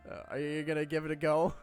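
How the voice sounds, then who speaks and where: A man narrating as game master in a casual tabletop game, laughing often as he talks. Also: fairly high pitch.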